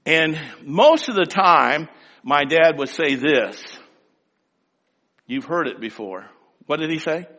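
Animated preacher in a reverberant church. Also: male voice, fairly high pitch. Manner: dramatic, swings between slow emphatic and quick storytelling. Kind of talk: sermon with personal stories. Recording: reverberant hall.

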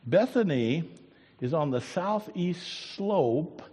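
A husky-voiced man preaches a slow, deliberate sermon in a church sanctuary, his words trailing off into a long hall reverb. He swings from booming emphasis down to near-hushed lines, stretching out key words. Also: animated. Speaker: pastor.

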